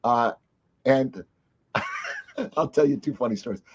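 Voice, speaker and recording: A man hosting a casual interview, telling stories in an animated way and laughing through them. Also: medium pitch, slow, slight background noise. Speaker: podcast host. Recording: dull lo-fi recording.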